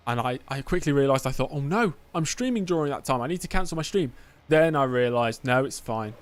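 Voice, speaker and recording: A man's voice: medium pitch, expressive, brisk. A man from England chatting casually while he streams a racing game, with joking asides. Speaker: gaming streamer. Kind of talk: casual gameplay commentary.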